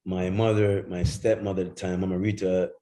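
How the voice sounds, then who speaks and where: A middle-aged Jamaican man, once a football player, tells casual stories as a guest, acting out other people's lines, swearing freely and laughing often. His low voice is flat in delivery, brisk and dark in tone, and the recording is rough.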